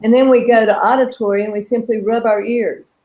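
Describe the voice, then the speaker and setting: A middle-aged woman leads a live coaching webinar, earnestly explaining each step of an affirmation exercise and repeating the affirmations with shifting emphasis. Her voice sits a bit high, mellow and steady, and she talks fairly quickly; the audio is dull.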